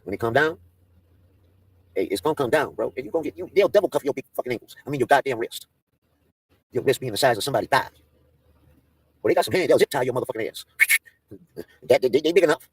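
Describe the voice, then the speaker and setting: A man's voice: mid-range voice, animated, quick pace, long pauses, slightly rough, no echo. A man in a profane, taunting livestream rant, mocking and daring his targets.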